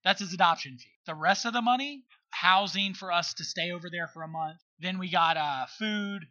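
Middle-aged man, high bright voice, emphatic storyteller who keeps checking in with his listener. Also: normal speed, low-quality recording. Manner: earnest, emphatic, checks in with rhetorical questions. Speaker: guest. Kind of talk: conversational storytelling.

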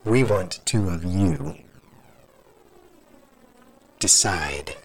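A man voicing a menacing masked male gang leader who speaks in a muffled, slow, taunting way. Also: deep voice, pitched below the performer's own voice, heavily acted.

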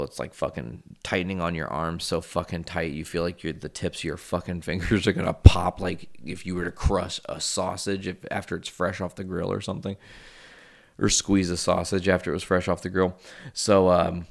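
A man in his thirties talks straight to his audience in a deep voice with a rough, creaky edge. His stories ramble and wander, full of swearing and casual asides, as if chatting with friends. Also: little pitch movement, normal speed. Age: 30s. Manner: rambling, profane, confessional. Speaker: vlogger. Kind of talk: casual storytelling vlog.

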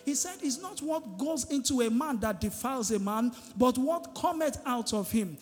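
A man's voice: extremely high pitch, lively intonation, normal speed, hardly any pauses. A man preaching a sermon as pastor, emphatic and drawing responses from the congregation. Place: large church hall. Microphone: handheld microphone. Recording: long hall reverb, faint music.

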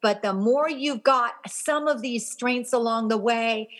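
Female educator guest in her fifties, fairly high voice, emphatic, animated storyteller. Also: a little slow. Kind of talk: storytelling in an interview.

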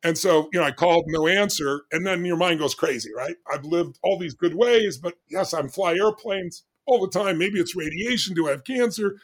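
A man in his early sixties who speaks in a voice pitched well above most men's. He tells a personal story with lots of energy as an interview guest, acting out each exchange he remembers. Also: normal speed, hardly any pauses. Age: 60s. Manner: animated, acts out dialogue with doctors.

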